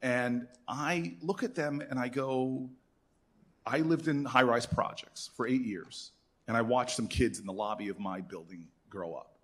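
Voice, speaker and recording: A man in his fifties with a husky, somewhat breathy voice, telling lively stories to an audience. His pitch sits in the middle range. He jumps into the voices of the people he quotes. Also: unhurried. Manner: animated storyteller who acts out quoted voices. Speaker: senator speaking at an alumni event. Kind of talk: storytelling speech.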